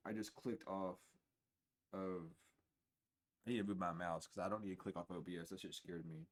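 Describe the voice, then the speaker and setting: A man giving a spiritual reading on a livestream in a casual, profane way, dropping to low mutters and then bursting out loud and laughing. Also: moderate pace. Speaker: spiritual reader.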